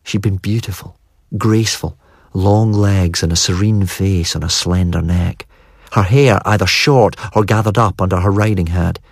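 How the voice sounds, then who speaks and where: Deep husky male narrator. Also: steady tone, moderate pace, no echo, clean studio sound. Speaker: audiobook narrator. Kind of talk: scripted first-person narration.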